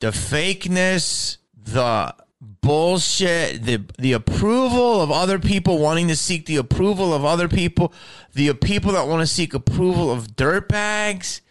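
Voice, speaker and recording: A man on a casual talk show, swearing freely and circling back on his points as he rants. His voice sits a little high for a man and comes across smooth and clear. He stumbles, restarts and presses on. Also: measured pace. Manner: profane, animated ranting with restarts. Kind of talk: casual ranting chat.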